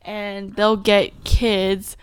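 A woman's voice: mid-range voice, flat delivery, drawn-out words, smooth. A young woman co-hosting a podcast, chatting casually and rambling with many fillers. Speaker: podcast co-host. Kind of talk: casual chat.

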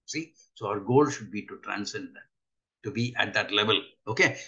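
An older man giving an earnest spiritual talk, often pausing to ask his listeners rhetorical questions. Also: fairly low pitch, sharp tone, highs cut off. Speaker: spiritual teacher.

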